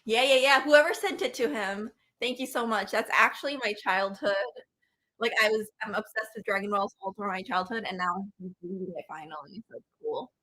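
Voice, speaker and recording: A woman's voice: medium pitch, a little fast, sharp tone. A woman chatting casually as co-host, playful and teasing. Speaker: co-host, partner. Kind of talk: casual chat.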